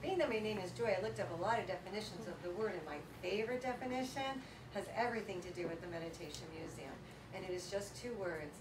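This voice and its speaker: A woman giving a lively motivational workshop talk to a live audience, telling stories animatedly and laughing often. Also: fairly low pitch. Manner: animated storytelling, acts out quotes, laughs often. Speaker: workshop speaker. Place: large hall with live audience. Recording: echoey hall, distant mic, audience noise.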